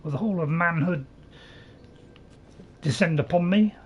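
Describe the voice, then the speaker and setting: A man's voice: on the high side, normal speed, dull audio, a little hiss or hum. A man commentating casually on his own game playthrough, joking and teasing himself as he goes. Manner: chatty, joking, self-mocking, tries silly voices. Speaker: gameplay commentator. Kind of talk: casual let's play commentary.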